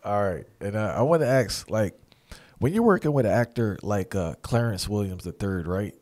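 Deep-voiced casual male interviewer. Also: lively intonation, normal speed, a little mellow. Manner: casual, conversational questions with fillers. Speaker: interview host. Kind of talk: interview conversation.

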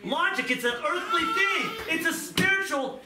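A middle-aged man preaching a sermon with impassioned pleading that drops to hushed, tearful moments. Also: very high voice, expressive, moderate pace. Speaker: pastor. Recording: echoey room, mic at a distance, audible background noise.

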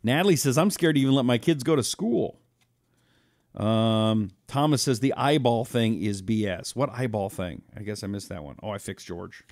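A man's voice: on the low side, moderate pace, a little mellow, no room sound, studio quality. A man hosting a live talk stream, chatting loosely with viewers, reading out their comments and making blunt asides. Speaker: host.

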